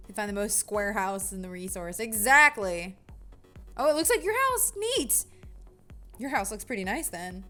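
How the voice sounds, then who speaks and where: A woman's voice: mid-range voice, moderate pace, soft background music. Chatty woman streaming game-making. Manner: chatty, self-correcting, bursts of excitement. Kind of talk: casual livestream commentary.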